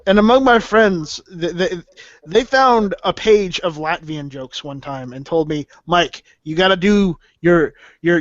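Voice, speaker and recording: A man's voice: sits high, fairly bright tone, no room sound, lo-fi sound. A man chatting casually in a voice chat, often stammering and restarting his sentences. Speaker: voice chat participant.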